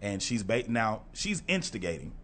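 Call-in talk show host, man from the US, lowish pitch, bright tone, faint background noise, emphatic and casual. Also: big pitch swings, normal speed. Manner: talks emphatically, interrupts and finishes others' sentences. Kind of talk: casual chat.

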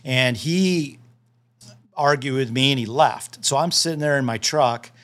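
Animated storytelling man, middle pitch. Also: a little slow. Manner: animated, acts out dialogue in the stories; repeats and restarts often. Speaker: land specialist. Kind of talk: casual storytelling in a podcast interview.

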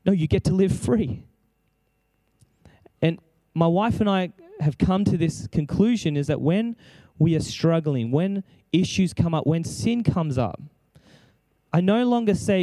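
A man's voice: high-pitched, animated, measured pace, dark tone, dry recording. A man preaching an impassioned sermon, exclaiming and acting out prayers as he speaks.

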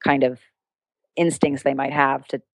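Lively woman telling a street story. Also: unhurried, creaky, lo-fi sound. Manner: animated, acts out quoted voices with a jump in pitch; laughs often while telling. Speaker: guest, street performer and entertainer. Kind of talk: storytelling anecdote in conversation.

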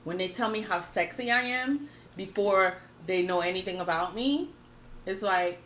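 A woman's voice: mid-range voice, moderate pace, a bit bright, echoey room, slight background noise. A woman co-hosting a podcast in casual chat, blunt and profane, laughing often. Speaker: podcast co-host.

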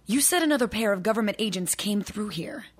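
A woman playing a calm psychic lady. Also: medium pitch, fairly quick, lightly acted. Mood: firm. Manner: calm, firm, dry.

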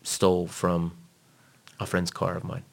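A man being interviewed, telling a personal story in a blunt, profane, animated way. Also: sits low, unhurried, creaky.

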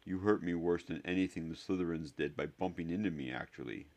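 A man's voice: deep voice, a little fast, a little mellow. A man voicing a timid, frightened young boy who speaks in a thin, wavering, small voice. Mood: wounded.

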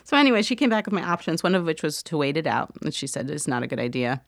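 A woman with a fairly low voice tells a personal story straight to her listeners. She is animated, slipping into other people's voices as she goes. The sound is close and dry. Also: fast talker, no echo. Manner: animated, acts out quoted voices, laughs often. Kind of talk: casual storytelling monologue.

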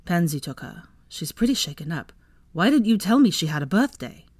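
A woman reading fan fiction aloud, voicing a guarded, world-weary young man who speaks in a low, subdued, clipped way. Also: big pitch swings, fairly quick, darkish tone, dry recording. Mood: worried.

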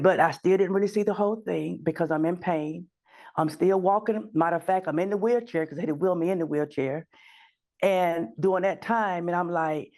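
Gravelly-voiced woman telling her testimony. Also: on the low side, a little mellow. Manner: earnest, emotional storytelling with fervent prayer. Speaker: guest sharing a testimony. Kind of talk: personal faith testimony.

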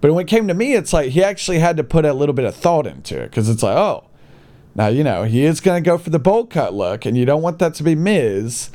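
Animated young man ranting casually. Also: fast. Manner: animated, swings between high exclamations and low mutters; blunt, swears casually. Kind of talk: casual storytelling monologue.

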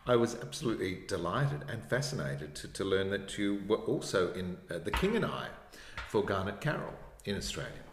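Male host interviewer, low voice with lively intonation, echoey recording. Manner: engaged, quick affirmations. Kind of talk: interview questions. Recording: echoey room.

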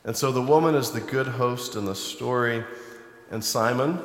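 A man preaching a sermon, retelling a Bible story in a conversational storytelling way and turning animated when he acts out the people in it. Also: medium pitch, moderate pace. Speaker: pastor. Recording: echoey hall, long reverb.

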